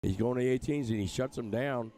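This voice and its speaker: A man's voice: mid-range voice, fairly quick, mellow, a little hiss or hum. An older man from England commentating live on darts, in a chatty, joking way. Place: streaming booth at a dart tournament.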